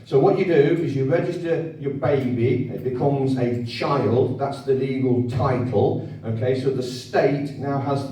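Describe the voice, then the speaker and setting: A man speaks at a public event and keeps checking in with the audience. His voice is mellow and middle-pitched. He sounds distant from the mic, and the hall around him is very echoey. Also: a little slow, hardly any pauses. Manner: conversational, repetitive, asks the audience for agreement. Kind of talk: informal lecture to an audience.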